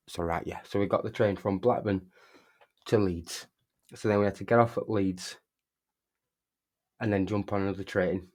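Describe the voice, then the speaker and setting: A young man tells a long anecdote in a slightly low voice. He rambles, restarts his sentences and swears constantly, in a casual streaming chat. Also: a little mellow. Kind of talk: casual storytelling while gaming.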